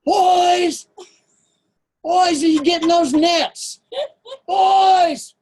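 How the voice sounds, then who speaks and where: A man voicing an excitable adult male scout leader who yells in a high, strained voice. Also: takes it slowly, exaggerated voice. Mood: pleading.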